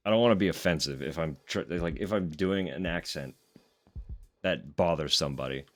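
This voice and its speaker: Laid-back low-voiced male streamer. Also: normal speed, faint music behind. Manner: laid-back, swears and laughs easily. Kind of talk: casual gameplay commentary.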